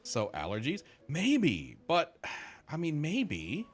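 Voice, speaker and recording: A man's voice: a little high, huge pitch swings, takes it slowly, faint music behind. A man who is a gaming streamer chatting casually, tired, yawning and congested, rambling with frequent restarts and swearing.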